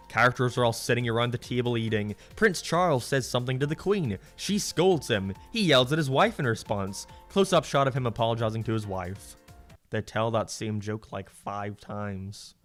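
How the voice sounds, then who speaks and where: A man's voice: mid-range voice, lively intonation, moderate pace, a bit bright, soft background music. A man delivering a sarcastic, profane rant as a cartoon reviewer. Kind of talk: ranting review commentary.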